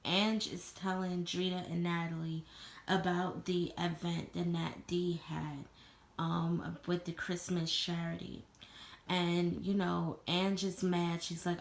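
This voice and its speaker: A woman with a low, gravelly voice that stays fairly flat in pitch, talking through a TV episode in a loose vlog recap. She swears freely and leans on "you know" as she goes. The sound bounces around a roomy, echoey space. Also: measured pace. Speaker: TV show reviewer. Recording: echoey room.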